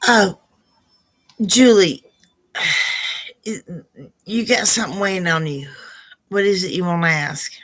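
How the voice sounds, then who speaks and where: Hoarse woman, psychic live-stream host; low husky voice, slow unhurried chat, warm with viewers. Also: lively intonation. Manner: chatty, affectionate, greets viewers by name. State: hoarse, rough voice.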